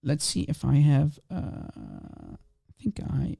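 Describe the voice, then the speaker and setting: A man's voice: fairly high pitch, wildly swooping pitch, slow pace, creaky, warm tone, slightly rough, no room sound. A man whose first language is Arabic, giving scornful, emphatic livestream commentary and repeating his points to drive them home. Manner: mocking, scornful, laughing at his opponent. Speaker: religious debater streaming commentary.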